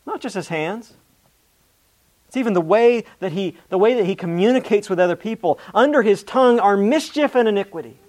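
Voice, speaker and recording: Male preacher with a high voice, earnest delivery, reads scripture with emphasis. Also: animated, brisk, darkish tone. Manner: repeats words and restarts mid-phrase. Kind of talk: sermon.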